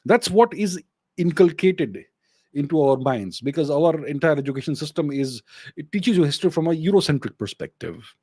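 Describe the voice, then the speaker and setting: A man's voice: fairly high pitch, animated, fairly quick, mellow, breathy edge, dry recording. A middle-aged man with an Indian English accent, hosting a solo Q&A show, explaining with rhetorical questions and thinking aloud. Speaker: host answering viewer questions. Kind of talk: solo Q&A livestream.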